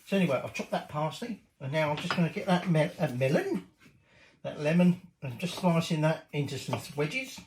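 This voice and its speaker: Cheeky bloke cooking at home, voice bouncing up and down, bit of faint hiss. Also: male voice, fairly high pitch, lively intonation, normal speed, a little mellow, rough recording. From Britain. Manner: cheeky, chatty, swears casually. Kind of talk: casual cooking chat. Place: home kitchen.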